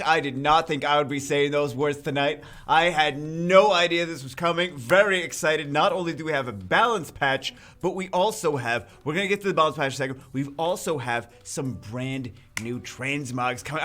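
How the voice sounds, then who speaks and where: A man hosting a gaming video, talking through a game patch in an excitable, rambling way with many restarts. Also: fairly high pitch, moderate pace, hardly any pauses.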